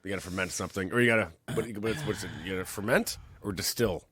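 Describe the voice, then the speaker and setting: Fast-talking teasing young man. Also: low-pitched, fairly bright tone, breathy edge. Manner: quick, teasing, playful. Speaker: podcast co-host. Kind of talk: casual chat.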